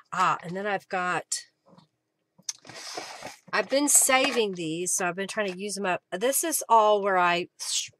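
A woman talking her way through a crafting live stream at home, thinking aloud between steps. Her voice is bright and forward, with an easy, chatty flow. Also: medium pitch, a little hiss or hum.

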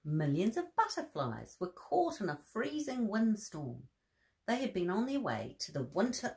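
A woman reads a bedtime story aloud to young listeners, taking her time over every line. Her voice sits on the lower side, yet her tone swoops up and down with lively expression. She breaks off for soft gasps and cosy asides to the children.

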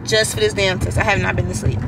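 A young woman talks into her phone from a car, venting in a loose, frank way and dropping "like" every few words. She sounds tired and stressed from too little sleep. Her voice sits mid-range, and a steady road rumble runs underneath. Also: fast, creaky. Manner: frank, swears freely, heavy use of filler "like". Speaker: student vlogger. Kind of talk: casual venting vlog. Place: inside a car. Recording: steady car noise behind.

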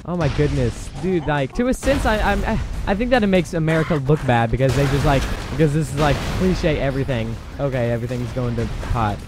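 A young man casually commenting on a game as he plays, excitable and quick to exclaim. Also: medium pitch. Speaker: gameplay commentator. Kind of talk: casual let's play commentary. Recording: game music and gunfire loud behind voice. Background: game music and gunfire.

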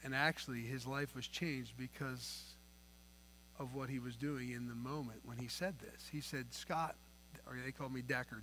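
A man preaching a sermon at an evening church service, earnest and emphatic, swinging between soft, low passages and louder pushes. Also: steady tone, moderate pace, slight background noise. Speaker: pastor. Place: church sanctuary. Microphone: pulpit mic.

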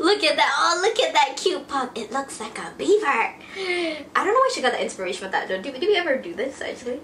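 A woman vlogging a parcel unboxing in casual chat, tearful and gushing with excited exclamations. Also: high-pitched, fairly quick, hardly any pauses, echoey room, background noise.

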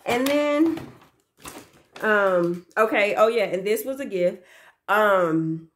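A woman's voice: mid-range voice, animated, slow pace, noisy background. A young woman who works as a daycare teacher, chatting casually to the camera about her gifts in a gushing, repetitive way and talking to viewers as y'all. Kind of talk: casual gift haul chat to camera.

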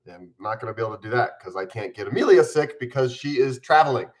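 A man's voice: mid-range voice, animated, fast. Upbeat man chatting on a live stream. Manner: upbeat, chatty, eating on camera. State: mildly ill with covid. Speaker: vlogger hosting a live stream. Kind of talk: casual live-stream chat. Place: at home.

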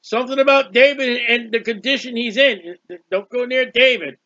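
A man's voice: very high voice, moderate pace, no room sound, muffled recording. A man preaching a sermon, reading scripture aloud and explaining it, drawing out words for emphasis. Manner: expressive Bible reading with commentary, stretches words.

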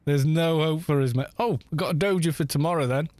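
This British streamer in his thirties has a fairly high yet darkish voice and talks fairly quickly, with no echo. Casual and prone to laughter, he tells stories during a live game stream while faint music plays.

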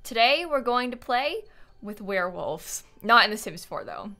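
A woman's voice: on the high side, animated, moderate pace, pushed and bright. A woman hosting a casual live game stream from home, chatty and rambling with many fillers, thanking her viewers as she goes. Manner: reads out and thanks chat viewers.

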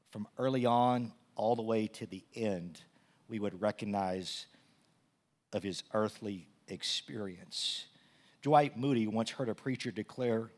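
A male pastor preaching a sermon to his church, often repeating words as he builds from calm teaching to loud, animated storytelling. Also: on the low side.

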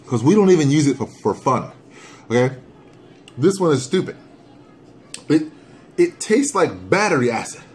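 A man doing a casual hot sauce challenge vlog at home, animated and joking while his mouth burns from the sauce. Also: a little high, normal speed, long pauses, slight background noise. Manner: animated, joking, breaks into whoops and coughs. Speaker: vlogger.

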